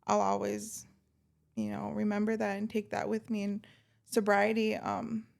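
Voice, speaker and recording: A woman hosting a podcast who speaks in a heartfelt, halting way with many fillers. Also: medium pitch, monotone, creaky, darkish tone. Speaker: podcast host. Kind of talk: casual interview chat.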